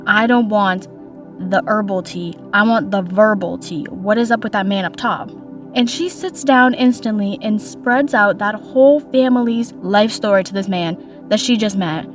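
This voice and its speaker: A woman's voice: medium pitch, no echo, studio quality. Chatty, opinionated young woman podcaster. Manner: chatty and opinionated, playful hot takes. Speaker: podcast host. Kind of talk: casual podcast chat.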